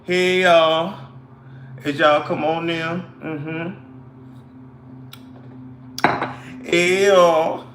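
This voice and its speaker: A man putting on a scatterbrained woman who frets over her damaged hair, drawling slowly and calling everyone baby. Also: high voice, expressive, bright, forceful tone, a little hiss or hum, exaggerated voice. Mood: fretful. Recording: echoey room.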